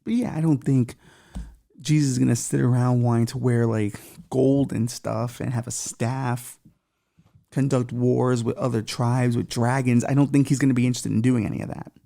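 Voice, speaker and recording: A man's voice: mid-range voice, steady tone, moderate pace, vocal fry, warm tone. A man co-hosting a podcast, reading news aloud in a casual, irreverent way, with profane jokes and stumbles over unfamiliar names. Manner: irreverent, joking asides with profanity. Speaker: podcast co-host.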